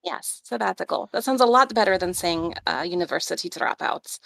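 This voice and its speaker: A woman's voice: on the low side, animated, fairly quick, creaky, a bit bright, no room sound. A woman playing a cheeky young alien rogue. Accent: slight put-on Russian-like. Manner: playful, cheeky.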